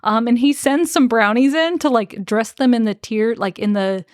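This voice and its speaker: A woman's voice: a little high, normal speed, no room sound, clean studio sound. A woman co-hosting a podcast, retelling a book's scenes in a chatty way with lots of "like". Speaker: podcast co-host. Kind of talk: casual book discussion.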